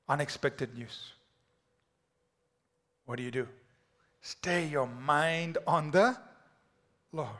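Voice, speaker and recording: Male pastor, slightly higher voice, dynamic sermon delivery dropping to whispers. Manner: preaching with dynamic swings from loud to whispered.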